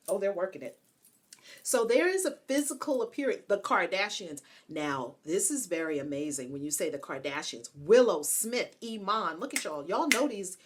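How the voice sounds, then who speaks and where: Woman vlog host, playful and chatty, pitch swings widely, laughs easily. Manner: playful, animated, laughs often, chatty asides. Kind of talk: casual talk to camera.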